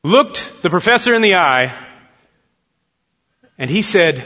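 Bright-voiced preacher telling a story. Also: male voice, high-pitched, sing-song, takes it slowly, long pauses. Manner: storytelling, acting out dialogue. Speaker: pastor. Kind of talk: sermon. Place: church sanctuary. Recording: dull lo-fi sound with long hall reverb.

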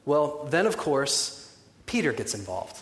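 A man preaching a sermon in a conversational, animated way, with wry humorous asides. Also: mid-range voice, unhurried, a little hiss or hum. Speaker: pastor. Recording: echoey hall with long reverb.

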